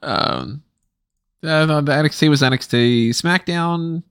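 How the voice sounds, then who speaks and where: A man's voice: a little high, a little slow, fairly bright tone, clear, resonant tone, no room sound, clean studio sound. A man co-hosting a casual wrestling chat, wry and laid-back, laughing often. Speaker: podcast co-host.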